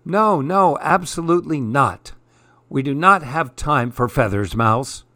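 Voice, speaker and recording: A man voicing a fussy, self-important male pigeon who talks in a brisk, huffy, impatient way. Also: a little high, animated, bright, forceful tone, no room sound, studio quality.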